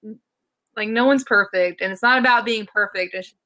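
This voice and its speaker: Bright Southern US woman, rambling chat. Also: medium pitch, normal speed. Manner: rambling, many fillers and restarts. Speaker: guest. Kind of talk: casual podcast chat.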